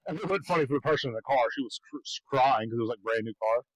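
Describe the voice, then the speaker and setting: A man's voice: mid-range voice, animated, racing, dry recording, rough recording. A man co-hosting a podcast, telling rambling stories in casual chat and laughing often. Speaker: podcast co-host.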